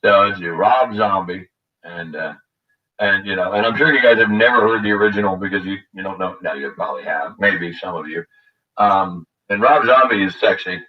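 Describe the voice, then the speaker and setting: Older male host, low voice, rambling and crude, recorded a bit distant on dull lo-fi audio. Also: normal speed. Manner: rambling, crude and bitter, many fillers and restarts. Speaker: radio show host. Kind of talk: rambling monologue. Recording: dull lo-fi audio, voice set back from the mic.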